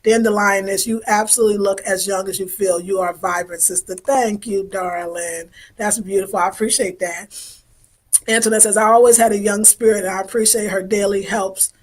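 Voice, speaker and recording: A woman's voice: mid-range voice, fairly even intonation, normal speed. Effusive woman in her fifties chatting. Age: 50s. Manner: chatty, effusive, informal slang. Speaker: livestream host. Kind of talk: casual livestream chat reading viewer comments.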